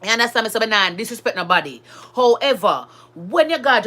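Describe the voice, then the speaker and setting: A woman's voice: medium pitch, lively intonation, a little fast, pushed and bright. A Jamaican woman with children of her own, talking to her viewers in a chatty, emphatic way and slipping between patois and standard English. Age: adult with school-age children. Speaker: vlogger. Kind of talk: casual monologue to camera.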